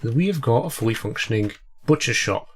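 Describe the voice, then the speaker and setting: A man's voice: medium pitch, animated, brisk, slight background noise. A man with a cold, chatting casually and rambling through his gameplay commentary as host. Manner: rambling, chatty, self-deprecating. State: sick with a cold. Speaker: let's play host.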